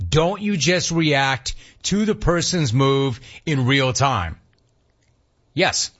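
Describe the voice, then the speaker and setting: Husky guy on talk radio, riffing fast and reading emails, kinda dull lo-fi sound. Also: medium pitch. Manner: animated, riffing, mock-incredulous. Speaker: radio host.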